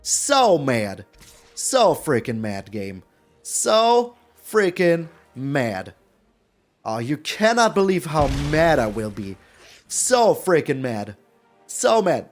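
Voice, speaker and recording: A man narrating his own card game match as he plays, his voice sitting high and leaping all over the place. He repeats phrases, swears mildly and stays animated throughout. Faint music plays behind him. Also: unhurried. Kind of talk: live gameplay commentary.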